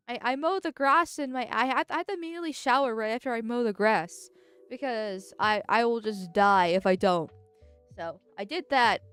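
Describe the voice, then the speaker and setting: A woman's voice: on the high side, expressive, a little slow, fairly bright tone, smooth, soft background music. A woman streaming live in casual chat, talking bluntly and directly, with a stuffy nose.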